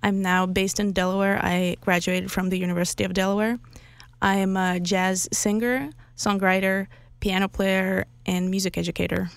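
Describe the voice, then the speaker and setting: Brief: woman singer from Russia, dry close sound, measured intro. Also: medium pitch, flat delivery, vocal fry, smooth, no room sound. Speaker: jazz singer. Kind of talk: self-introduction.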